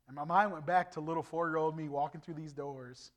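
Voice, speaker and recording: Man in his 40s, evangelist, slightly high voice, earnest storyteller who acts out every exchange. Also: fairly even intonation, brisk. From Indiana, USA. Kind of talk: preaching a personal testimony. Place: church service.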